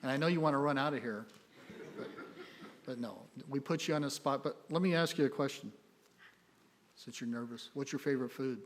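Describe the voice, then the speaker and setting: A man running a city council meeting as mayor, relaxed and folksy, cracking small jokes. His voice rings out in a reverberant council chamber through a desk microphone. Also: medium pitch, fairly quick, long pauses. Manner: friendly, joking, folksy. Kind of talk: chairing a public meeting, casual asides.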